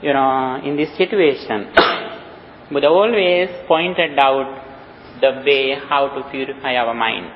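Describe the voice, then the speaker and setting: Slow-spoken Sri Lankan monk in a hall. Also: male voice, mid-range voice, noisy background. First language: Sinhala. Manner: slow, halting delivery with many pauses and "you know". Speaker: Buddhist monk teacher. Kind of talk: dharma talk. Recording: dull lo-fi recording in a reverberant hall.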